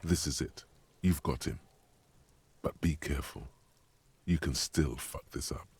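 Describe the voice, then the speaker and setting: A grave inner voice narrates a detective game. His voice is extremely deep, gravelly and rough-edged. He counsels the player in a slow, solemn second person. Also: darkish tone, no echo, full character voice.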